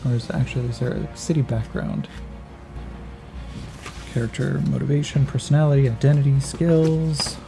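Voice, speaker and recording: A man runs a solo tabletop game, thinking aloud casually as he narrates and calls out dice rolls. His voice is dark and gravelly, with a mellow tone. Faint background music plays beneath him. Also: mid-range voice, level tone, normal speed, long pauses.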